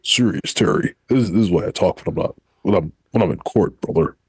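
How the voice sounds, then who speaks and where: A man doing an impression of a rambling, boastful older male pro-wrestling star on a podcast, in a gravelly drawl. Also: low voice, a little fast, a little mellow, dry recording. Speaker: podcast co-host.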